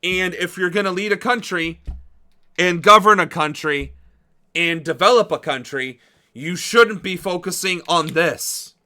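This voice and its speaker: A man's voice: high voice, unhurried, pushed and bright. A man hosting a political livestream, commenting casually with sarcasm and disbelief and swearing freely.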